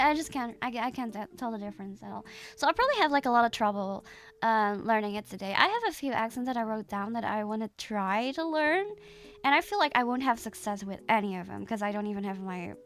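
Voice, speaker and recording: A young woman chats casually to her stream audience, trailing off and restarting often. Her voice is bright and a little high for a woman. A soft music bed plays quietly behind her. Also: lively intonation, brisk. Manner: rambling and hesitant, many restarts and fillers. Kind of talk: casual chat to viewers.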